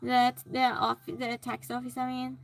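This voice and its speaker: A woman streamer in casual chat, reading viewer comments aloud and reacting with animated exclamations. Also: a little high, unhurried, vocal fry.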